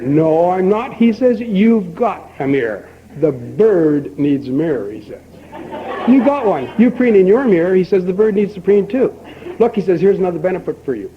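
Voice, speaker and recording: An older man speaking at a recovery meeting, telling a long folksy joke and acting out both characters with lively emphasis. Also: high-pitched, moderate pace. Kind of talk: storytelling talk at a recovery meeting. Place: meeting hall. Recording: dull lo-fi archival tape with faint hiss.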